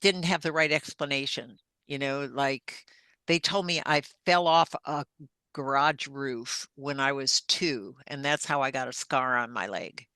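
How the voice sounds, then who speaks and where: A woman's voice: very deep voice, a little slow, pushed and bright, clear, resonant tone, no echo. An older woman, a podcast guest, earnestly recounting a personal story in vivid detail. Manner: earnest, vivid retelling with acted-out dialogue.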